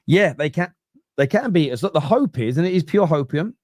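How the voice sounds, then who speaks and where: A man's voice: on the high side, animated, a little fast, a little mellow, no room sound, clean studio sound. A man hosting a casual football podcast, talking bluntly and opinionatedly and swearing freely. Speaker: podcast host.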